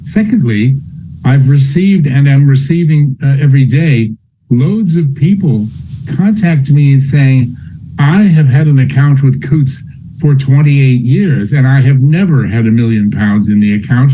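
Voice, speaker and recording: A man appearing as a guest finance expert on a talk show. His voice is mid-pitched and very dark, and he explains things in a measured way over faint background noise. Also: low-quality recording.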